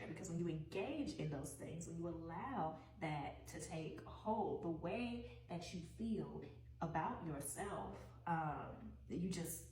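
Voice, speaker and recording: Low-voiced woman musing through a tarot reading. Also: a little mellow, reverberant, distant mic, low-quality recording. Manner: unhurried, musing aloud, repeats phrases. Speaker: tarot reader.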